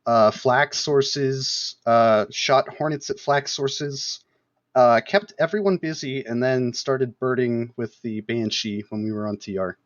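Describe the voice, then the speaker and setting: A man's voice: mid-range voice, takes it slowly, no room sound, dull audio. A man speaking as a pilot guest over voice chat, hesitant with many fillers. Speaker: pilot guest in a game community. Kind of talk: casual voice chat.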